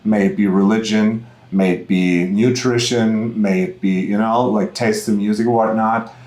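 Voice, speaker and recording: A man's voice: fairly low pitch, normal speed. German man, roomy echoey sound. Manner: candid, animated storytelling with many fillers. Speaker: podcast guest, musician. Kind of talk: casual conversation. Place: in person at a music festival.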